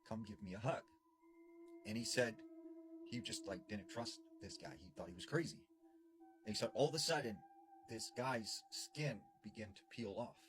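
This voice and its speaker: A man's voice: mid-range voice, normal speed. A man casually retelling a scary story he heard from someone else, repeating "and he said" and "you know" as he goes. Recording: noisy background.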